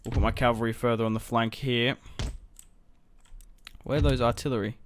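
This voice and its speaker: A man's voice: medium pitch, flat delivery, dry recording. A young man giving casual commentary over a strategy game, thinking aloud as he plans his moves. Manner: thinking aloud, musing and unhurried. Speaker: gaming video host.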